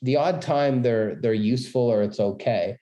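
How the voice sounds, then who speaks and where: A middle-aged man, a business school dean, giving an energetic, quick-paced webinar talk on presenting. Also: medium pitch, lo-fi sound. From Canada. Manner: fast, energetic talker with many quick asides. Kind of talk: presentation tips lecture. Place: room, webinar. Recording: roomy echo.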